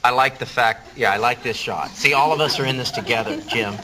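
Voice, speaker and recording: A man's voice: medium pitch, a little fast, poor audio. A man hosting a Christian talk show, joking on air and telling his guest how the segment will run. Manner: jovial, directs the segment timing. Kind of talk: casual on-air banter.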